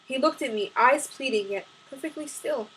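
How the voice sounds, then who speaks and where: A woman's voice: sits high, normal speed, fairly bright tone, a little hiss or hum, rough recording. A woman reading aloud from her own novel, chatting casually with ums before she begins. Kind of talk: audiobook-style chapter reading.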